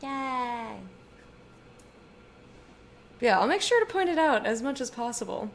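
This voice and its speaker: A woman's voice: fairly high pitch, very animated, fast talker, slight background noise. A woman streaming a game in casual chat, giggly and loose and swearing now and then as she talks with her viewers.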